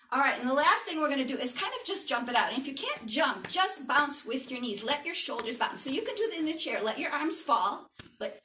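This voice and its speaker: A woman's voice: high-pitched, pushed and bright, a little hiss or hum. A woman teaching a yoga class, giving encouraging instructions and often checking in with "right?". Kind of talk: guided movement class. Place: yoga studio room. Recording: echoey studio from a distance.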